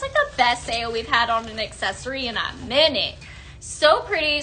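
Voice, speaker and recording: A woman's voice: sits high, bright, forceful tone, slight background noise. Bubbly woman selling on a live stream. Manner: upbeat and gushing, calls viewers "my friends". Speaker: host of a live shopping stream. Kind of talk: live product demo sales pitch.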